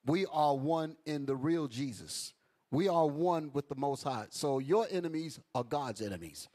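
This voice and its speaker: A man's voice: fairly high pitch, expressive, unhurried, a little mellow. A man teaching a Bible class in an emphatic preaching style, calling out to his listeners. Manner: emphatic, calls out to the audience.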